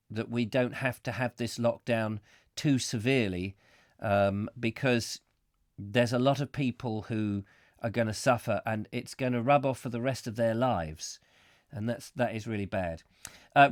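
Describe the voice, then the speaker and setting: A man's voice: mid-range voice, no room sound, studio quality. A man hosting a live call-in chat show, rambling and chatty, with lots of ums as he reads out comments. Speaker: host.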